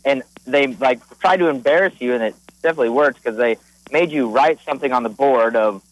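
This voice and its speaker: A man's voice: mid-range voice, brisk, no room sound, poor audio. A man calling in to a radio show, telling a story in a rambling, hesitant way with many fillers. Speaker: caller. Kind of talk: phone-in storytelling.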